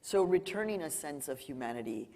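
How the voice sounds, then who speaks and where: A Mexican journalist, a woman with a low-pitched voice, talks a little fast as the featured storyteller at a live library Q&A. She animatedly acts out the people she quotes, her words followed by a long reverb tail.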